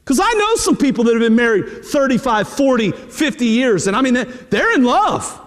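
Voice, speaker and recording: A man's voice: very high voice, big pitch swings, moderate pace. A middle-aged male pastor preaching a sermon in a conversational, direct way to his congregation in a church. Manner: conversational preaching, repeating "hey" and direct address. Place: church sanctuary. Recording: long reverb of a church hall.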